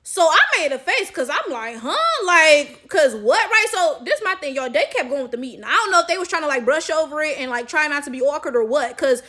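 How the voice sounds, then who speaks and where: A woman's voice: high-pitched, animated, brisk, few pauses, fairly bright tone. A woman vlogger and chess coach telling a story to her viewers in a casual, emphatic way, swearing freely and often checking in with "right?".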